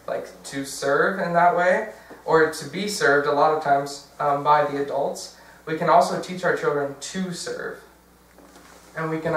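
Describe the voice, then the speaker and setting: Speaking in a large church hall, a young man presents a diocesan workshop with a high, fairly bright voice. He's chatty and casual, full of fillers and self-corrections, and the faraway, very echoey recording carries a little hiss or hum.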